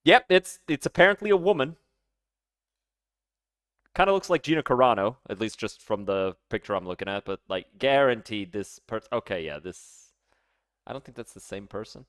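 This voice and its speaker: A man reacting to a video with loud, profane, animated commentary. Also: fairly low pitch, moderate pace, no room sound, studio quality.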